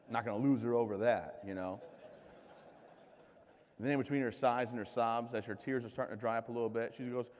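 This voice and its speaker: A man in his thirties from the United States giving a keynote speech as a string of comic stories, joking and poking fun at himself, with lively voices for the people he quotes. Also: mid-range voice. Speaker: keynote speaker. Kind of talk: comedic storytelling speech. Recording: reverberant hall.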